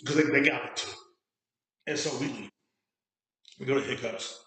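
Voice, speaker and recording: A man hosts a podcast, spinning a rambling, cuss-filled anecdote and slipping into voices for the people in it. His pitch sits in the middle for a man. The sound is very echoey and roomy. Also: steady tone, a little slow, long pauses, fairly bright tone. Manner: profane, rambling anecdote with acted quotes. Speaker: podcast host. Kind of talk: casual storytelling. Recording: very echoey room.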